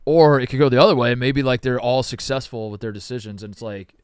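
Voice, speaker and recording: A man's voice: medium pitch, steady tone, quick pace, clean tone, no room sound, clean studio sound. A man co-hosting a sports podcast, chatting casually and repeating phrases for laughs. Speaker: podcast co-host.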